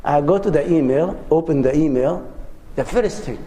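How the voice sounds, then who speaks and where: A religious teacher gives an earnest, conversational lecture on parenting, sharing personal anecdotes with his audience. His mellow voice is a little high and moderately paced, and the roomy hall adds long reverb.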